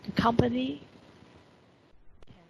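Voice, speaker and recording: A woman's voice: on the high side, fairly even intonation, slow, gravelly, a little mellow, slight background noise, poor audio. A woman with a Hong Kong accent teaching an online English lesson, stressing key words and asking rhetorical questions. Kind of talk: online lesson explaining report writing. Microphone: computer mic on video call.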